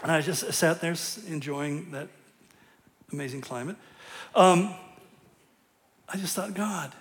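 Middle-aged man preaching; easygoing, self-deprecating pastor who laughs at himself, voice sitting a bit high. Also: unhurried, fairly bright tone. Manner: conversational and self-deprecating, with frequent chuckles. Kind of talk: sermon.

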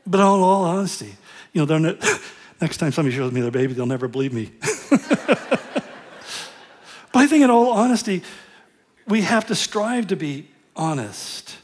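Middle-aged man preaching; easygoing, self-deprecating pastor who laughs at himself, voice sitting a bit high. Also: lively intonation, normal speed, pauses often, darkish tone. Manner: conversational and self-deprecating, with frequent chuckles. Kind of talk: sermon.

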